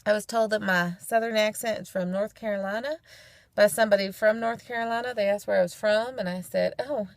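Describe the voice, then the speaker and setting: Chatty woman with a gravelly edge. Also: mid-range voice, fairly even intonation, fairly quick, no room sound. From California. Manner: chatty, homey, playful asides. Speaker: vlogger demonstrating head covering. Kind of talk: casual how-to tutorial.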